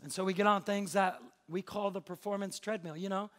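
A man's voice: sits high, fairly even intonation, fairly quick, fairly bright tone. A young adult man preaching a sermon to a church crowd in a chatty, joking way, often acting out little bits of dialogue. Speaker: pastor.

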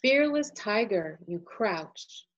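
A woman reads a children's storybook aloud in an unhurried, gently expressive way. Her voice swings up and down with lively melody. The recording sounds a little dull and lo-fi. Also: medium pitch. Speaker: picture book illustrator reading aloud.

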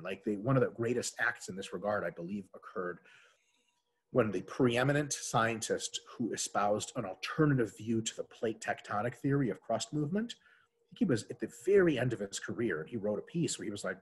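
Husky, animated man swearing freely. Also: lowish voice, brisk. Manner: animated, profane, jokey. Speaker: podcast guest, doctor. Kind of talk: casual podcast chat.

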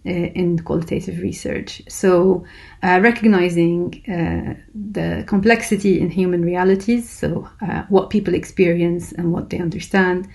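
A woman's voice: on the low side, steady tone, unhurried, vocal fry, darkish tone. A woman lecturer explaining a research method, talking hesitantly with many fillers and restarts. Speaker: university lecturer. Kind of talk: recorded lecture.

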